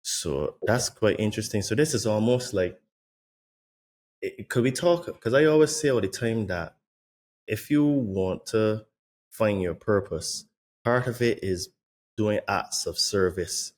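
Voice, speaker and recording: A man hosting a podcast, rambling and restarting as he asks questions, slowing on key words, and reading show plugs. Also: fairly low pitch, animated, darkish tone. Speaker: podcast host. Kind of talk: conversational interview, reads show plugs.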